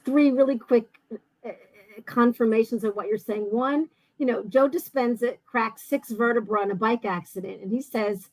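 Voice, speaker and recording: High-voiced woman hosting a chat. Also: normal speed, no echo, low-quality recording. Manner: animated storytelling with many restarts. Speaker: host. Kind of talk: casual interview chat.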